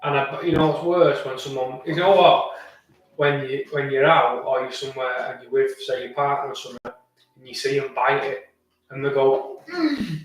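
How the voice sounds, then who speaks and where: A man's voice: mid-range voice, flat delivery, normal speed, very echoey, recorded from a distance, rough recording. A man chatting casually on a live stream, rambling and restarting as he answers viewers' comments. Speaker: vlogger answering live chat.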